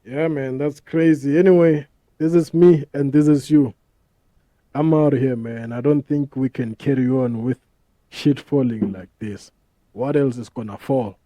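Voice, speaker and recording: Guy rambling on his podcast, swears a lot, really dark mellow voice, dry studio sound, bit of music. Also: medium pitch, fairly even intonation, measured pace, no room sound. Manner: rambling, profane, street slang. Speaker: podcast host. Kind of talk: casual podcast monologue.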